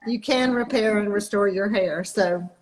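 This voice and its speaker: A woman's voice: medium pitch, normal speed, rough recording. An older woman, hosting a casual live video chat and welcoming everyone in an upbeat, chatty way over a video call. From Texas. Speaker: host.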